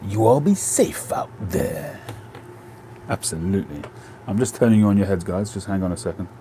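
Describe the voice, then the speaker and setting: A man's voice: lowish voice, animated, normal speed, warm tone, a little hiss or hum. A man hosting a casual live stream from home on a phone, chatting and answering viewers' comments.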